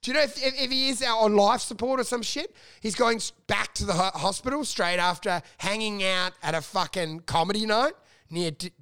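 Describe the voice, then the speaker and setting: A man, a comedian telling animated stories in casual chat, cursing freely and mimicking people. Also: fairly quick, clear, resonant tone, dry recording, clean studio sound. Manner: animated, swearing, mimics people with loud high voices. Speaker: comedian and podcast co-host.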